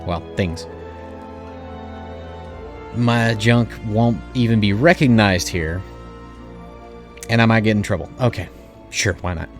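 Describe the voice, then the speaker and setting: A man's voice: lowish voice, slow, long pauses, faint music behind. A man giving casual let's-play commentary on an online game, with sarcastic, joking asides. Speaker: gaming video creator.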